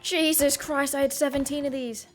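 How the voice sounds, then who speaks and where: A woman's voice: high voice, fairly even intonation, moderate pace, soft background music. A young woman chatting casually on a live stream, rambling and easily sidetracked while she plays.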